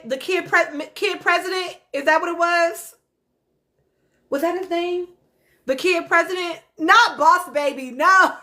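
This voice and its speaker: A woman's voice: very high voice, bright, forceful tone. A woman hosting a casual livestream, laughing often and talking straight to her viewers. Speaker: livestream host. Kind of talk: casual live-stream chat reacting to comments.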